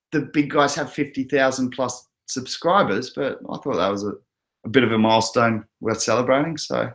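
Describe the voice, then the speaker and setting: Hosting a relaxed crypto stream, this Australian man reads through viewer comments, talks casually and laughs a lot. He speaks at a medium pitch with a fairly bright tone.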